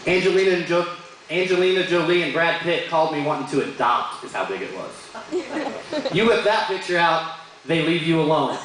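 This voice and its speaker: This comic's fairly high, fairly bright voice has lively intonation and runs a little fast as he works a bar stage, joking about his kids and doing funny voices for them. Slight background noise mixes with crowd ambience in the very echoey room.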